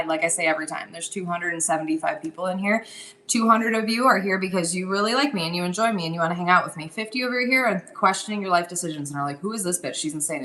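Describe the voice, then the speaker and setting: Bright-voiced chatty woman streaming live. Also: lowish voice. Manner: chatty, rambling, teasing, quick asides to viewers. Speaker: live-stream seller host. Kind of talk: casual live-stream chat.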